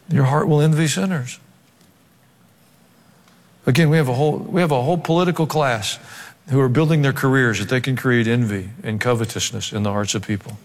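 A man's voice: mid-range voice, fairly quick. A male pastor preaching a sermon, swinging between joking asides and emphatic exhortation. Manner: humorous asides, emphatic rising delivery. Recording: long hall reverb.

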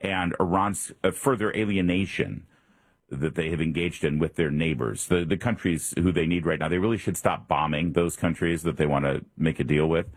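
A man's voice: sits low, steady tone, normal speed, no room sound. A man hosting a morning talk radio show, talking casually and rambling with fillers and restarts. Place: radio studio.

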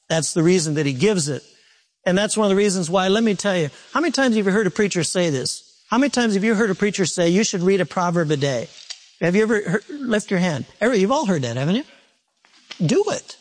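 High-voiced preacher with chatty humor. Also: male voice, lively intonation, brisk, poor audio. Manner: conversational preaching with humor and repeated words. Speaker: pastor. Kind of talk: sermon.

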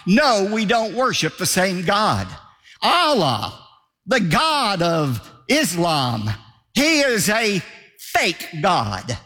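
A man's voice: sits high, huge pitch swings, slow, gravelly, pushed and bright, long reverb tail. A male pastor delivering a sermon in an emphatic, declamatory way, driving points home by repetition.

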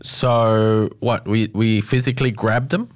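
A man's voice: on the low side, steady tone, unhurried. A man hosting a radio show, playful and joking as he asks questions. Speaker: radio host. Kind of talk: casual radio banter.

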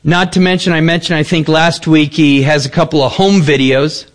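A man preaching a sermon, telling a story in an animated, conversational way with emphatic turns. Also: on the high side, moderate pace. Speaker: pastor.

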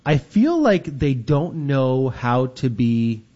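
A man hosts a casual call-in radio show at an ordinary pitch, chatting loosely and reading out messages from listeners. The broadcast sounds dull and lo-fi. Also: very animated, takes it slowly, warm tone. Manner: chatty, reads out listener texts.

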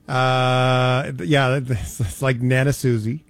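A man's voice: medium pitch, animated, moderate pace, no echo. A man hosting a radio show, bantering casually in a playful, storytelling way.

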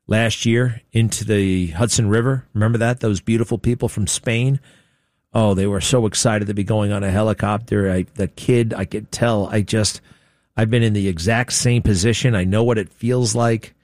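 A man's voice: on the low side, a little mellow, no room sound, studio quality. A man hosting a talk radio show, rambling through opinionated commentary with mocking, sarcastic asides.

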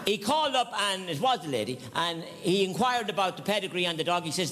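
A man's voice: sits high, expressive, quick pace, few pauses, a bit bright. An Irish man on the radio telling a long joke to his listeners, chatty and laughing at his own punchline.

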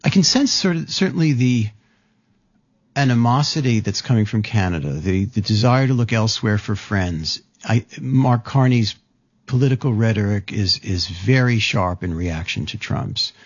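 A man's voice: on the low side, expressive, moderate pace, slightly rough, no room sound, dull audio. A man interviewing a guest, asking long, thoughtful questions with some restarts. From lives in New York.

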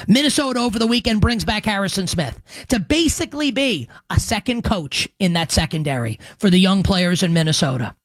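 A male sports radio host with a high-sitting voice makes predictions for radio and podcast, punchy, emphatic and animated, dropping crude joking asides. He's on a dry close mic with no echo.

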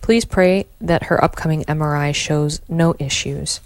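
A woman co-hosting a live radio prayer show, answering each decade of the rosary in measured tones and reading out listeners' prayer requests with a gentle, even delivery. Her voice sits a little low for a woman and is close and dry. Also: no room sound.

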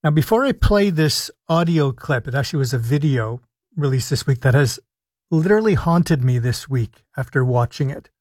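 A man hosting a live call-in radio show as a physician, explaining health policy in a measured way and stressing key words with deliberate pauses. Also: medium pitch, animated, a little mellow, dry recording. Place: radio studio. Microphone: studio microphone.

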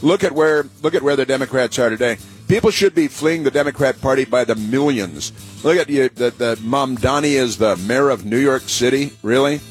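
A man's voice: mid-range voice, normal speed, soft background music. A man hosting a talk radio show, rambling sarcastically with many fillers and restarts.

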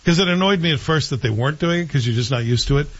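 Guy hosting a chat show, husky voice, rambly and opinionated, kinda muffled audio. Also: fairly high pitch, lively intonation, racing, fairly bright tone. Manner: chatty, opinionated, rambling with self-corrections. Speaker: show host reviewing TV series. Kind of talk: casual chat.

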